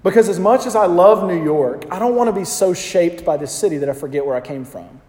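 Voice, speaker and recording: A man's voice: high voice, lively intonation, a little fast, darkish tone. A man in his thirties with a Southern US accent, preaching a conversational sermon and calling out to the congregation. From American South. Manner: conversational storytelling with congregation call-outs. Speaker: pastor. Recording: echoey hall.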